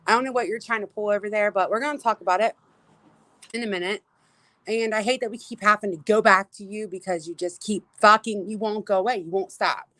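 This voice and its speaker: A woman talks into her phone outdoors, hosting a casual livestream and firing off exasperated, profane complaints full of fillers and restarts. Her voice is bright and forward. The sound is dry and close, with little room around it. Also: medium pitch, no echo, poor audio. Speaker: livestream host. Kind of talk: casual livestream rant, greeting viewers.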